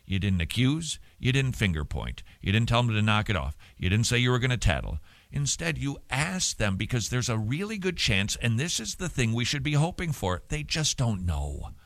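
A man's voice: mid-range voice, normal speed, gravelly, no echo. A man hosting a Christian radio talk show, answering listener mail in a chatty, joking way, speaking into a studio microphone. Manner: chatty, joking, animated, puts on silly voices. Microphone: studio microphone with cover.

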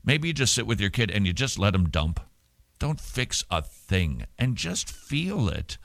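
A man with a bright, forceful voice teaches parents about Christian counseling. He speaks earnestly and emphatically, rising sharply in pitch on key words. The sound is close and dry. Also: measured pace, vocal fry, no echo. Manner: earnest, emphatic, animated with sudden rises in pitch.

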